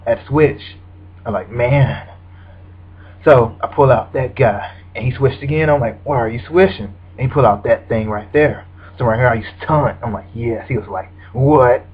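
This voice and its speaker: Husky man doing lively game commentary. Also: mid-range voice. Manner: animated play-by-play, acting out his own reactions. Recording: dull lo-fi recording.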